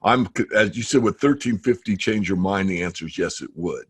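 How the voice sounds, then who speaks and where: Low husky guy on a trading webinar, emphatic storyteller. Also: fairly quick. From United States. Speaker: guest trader. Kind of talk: casual interview. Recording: webinar call audio.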